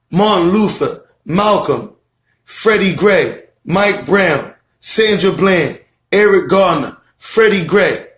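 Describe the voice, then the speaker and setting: A man giving a fiery, profane online lecture, preachy and emphatic, repeating lines and firing off rhetorical questions. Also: high-pitched. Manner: swears a lot, calls out rhetorical questions. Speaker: self-styled teacher presenting his theory.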